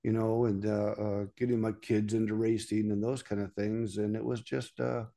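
A man's voice: on the low side, flat delivery, moderate pace, vocal fry, warm tone. A middle-aged man from California, a guest in a casual interview, telling long rambling stories full of fillers and "he goes, I says.". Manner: rambling, folksy anecdotes, lots of fillers, quotes others with "I says" and "he goes". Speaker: guest, automotive executive.

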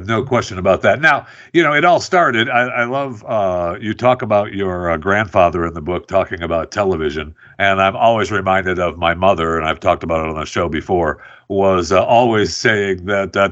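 A man's voice: sits low, brisk, hardly any pauses, fairly bright tone, highs cut off. A man hosting a radio talk show, interviewing an author in a loose, rambling way with many fillers and restarts. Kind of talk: casual interview chat.

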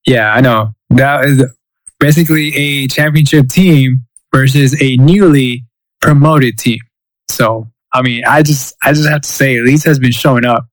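Man, soccer podcast co-host, casual, rambling, jokey, mid pitch, dry close sound. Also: a little slow, no room sound, poor audio. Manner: rambling, restarts, joking asides. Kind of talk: casual sports chat.

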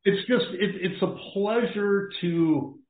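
A man as a podcast guest, talking casually over the phone in a rambling, halting way with lots of fillers. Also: high-pitched. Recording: echoey tinny phone line.

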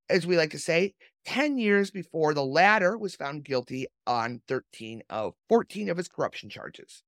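A woman's voice: deep voice, no echo, studio quality. A woman hosting a podcast, reading sources aloud and chatting in a sardonic, storytelling way. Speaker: podcast host.

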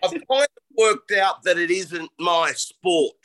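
A man's voice: high voice, expressive, takes it slowly, a bit bright. A man co-hosting a golf podcast, praising a caddie with dry, wry humour. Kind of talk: casual chat.

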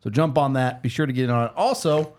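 A man's voice: mid-range voice, darkish tone. A man hosting a sports podcast, reading sponsor ads between casual chat and laughing often. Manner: laughs often, brisk ad reads. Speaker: podcast host.

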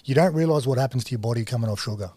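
An Australian man in his thirties, a laid-back, slangy storyteller guesting on a podcast. His voice sits at an ordinary middle pitch. The sound is dry and close, with no room echo. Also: rapid-fire, warm tone. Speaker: guest, TV host and former rugby league player. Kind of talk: casual storytelling interview.

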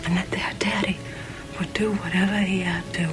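A woman's voice: on the low side, level tone, moderate pace, lightly acted. Actress doing a whispery Boston-accented mother, movie clip under strong score. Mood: hushed. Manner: hushed, whispery. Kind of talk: film clip, hushed dramatic speech. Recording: film clip with music behind.

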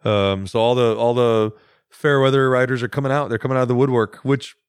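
A man talking quickly and eagerly on a podcast, teasing his co-host and rambling with enthusiasm. His voice sits in a middle register and sounds close and dry. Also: medium pitch, fairly even intonation, clear, resonant tone, dry recording. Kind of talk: casual chat.

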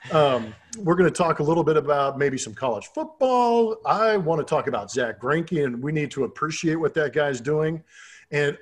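A middle-aged man co-hosting a sports podcast in loose, rambling, jokey casual chat. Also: a little high. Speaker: co-host.

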